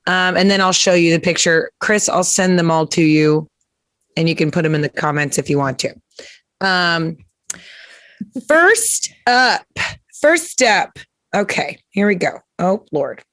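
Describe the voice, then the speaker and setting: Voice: mid-range voice, fairly even intonation, moderate pace, fairly bright tone, dry recording. A comedian hosting a casual interview, rambling and joking with many fillers and restarts. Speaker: comedian host. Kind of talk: casual live-stream interview chat.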